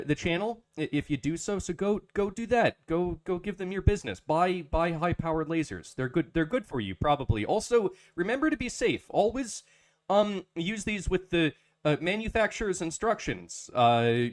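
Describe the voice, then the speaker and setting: Halting casual podcast host, man. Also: on the high side. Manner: halting, many restarts and fillers, reads ads jokingly.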